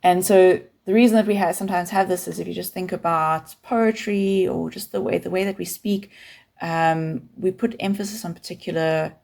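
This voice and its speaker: A woman with a South African accent teaching a keyboard lesson, explaining calmly and patiently, step by step, with faint keyboard notes behind her. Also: fairly low pitch, normal speed, vocal fry. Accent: South African English. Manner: calm, patient, counts beats aloud.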